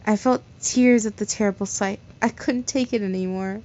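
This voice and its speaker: A woman casually reads a fan fiction story aloud, stumbling over words and correcting herself. Her mid-range voice is a little mellow, fairly even in intonation, at a moderate pace with few pauses. The lo-fi recording sounds slightly dull.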